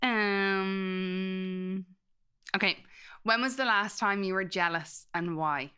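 A woman co-hosting a podcast in casual chat, animated, quick to react and laughing often. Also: medium pitch, clear, resonant tone. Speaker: podcast co-host.

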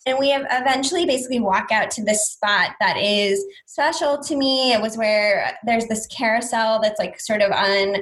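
A woman's voice: on the high side, moderate pace, few pauses, low-quality recording. A young woman telling a personal story in casual chat, talking in a chatty way with lots of fillers and quoting what people said. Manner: chatty, lots of "like", animated retelling with quoted voices.

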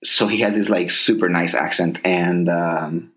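A man's voice: low voice, fairly even intonation, measured pace, fairly bright tone, poor audio. A man co-hosting a podcast in casual chat, rambling enthusiastically about movies and shows. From grew up partly in a Spanish-speaking place. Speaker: podcast co-host.

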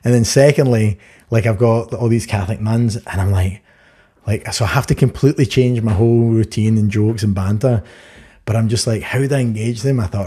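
A man's voice: on the low side, fairly quick, mellow, breathy edge. A man co-hosting a podcast, telling cheeky stories and jokes in casual chat and laughing at his own punchlines. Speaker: podcast co-host.

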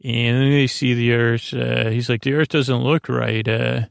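A man hosting a sleep podcast, retelling a TV episode in a meandering, low-key way. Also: fairly even intonation, a little slow, creaky, no echo, studio quality. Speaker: podcast host. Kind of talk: relaxed plot recap for a sleep podcast.

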